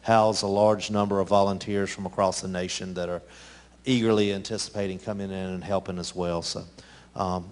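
Low-voiced man giving church announcements. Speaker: guest speaker giving relief update. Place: church sanctuary.

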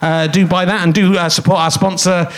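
A man's voice: high voice, little pitch movement, brisk. A man in his fifties hosting a comic podcast live on a theatre stage, rambling and mocking himself with jokey asides. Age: 50s. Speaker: podcast host.

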